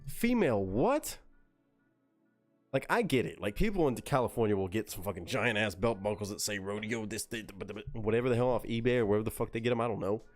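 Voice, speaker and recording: A man from Texas with a Texan accent, ranting and reading chat on a casual live stream, profane and animated, slipping into voices to mimic people. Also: on the low side, fast, few pauses, soft background music.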